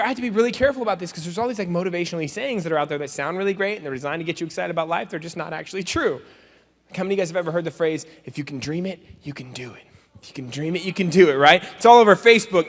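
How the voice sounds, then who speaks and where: A man giving a comedic motivational speech to students, joking and acting out little scenes as he tells them. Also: fairly high pitch. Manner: joking, animated storyteller who acts out scenes. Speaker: motivational speaker. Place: large convention hall. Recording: reverberant convention hall.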